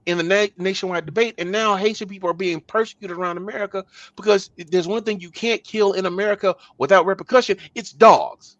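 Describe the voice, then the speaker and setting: A man hosting a podcast in casual political chat, talking emphatically and building to loud bursts. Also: sits high, fairly quick, few pauses, no room sound, highs cut off. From Texas. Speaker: podcast host.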